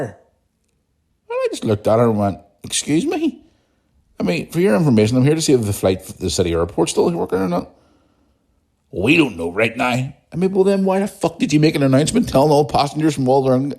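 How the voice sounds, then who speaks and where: A man hosting a podcast, telling a story casually, swearing freely and acting out what other people said. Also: sits low. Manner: animated, swears often, acts out other people's lines. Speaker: podcast host.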